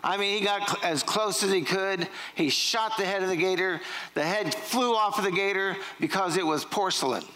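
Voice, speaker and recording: Middle-aged pastor, high bright voice, joking storyteller working the congregation, sermon in a church, faint room noise. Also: male voice, normal speed, low-quality recording. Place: church sanctuary.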